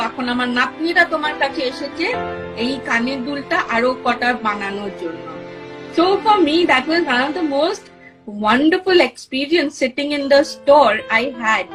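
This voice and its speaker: Lively woman telling stories. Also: high voice, low-quality recording. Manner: storytelling, switching between English and Bengali. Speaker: jewellery brand director. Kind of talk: recorded talk on jewellery.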